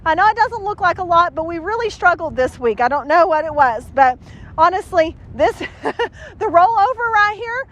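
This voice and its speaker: A woman's voice: very high-pitched, lively intonation, normal speed, fairly bright tone, highs cut off. Dog trainer lady talking outside, bouncy up-and-down voice, lots of happy praise. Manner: upbeat, repeated praise to a dog. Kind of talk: casual training walkthrough. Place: outdoors, cold and windy.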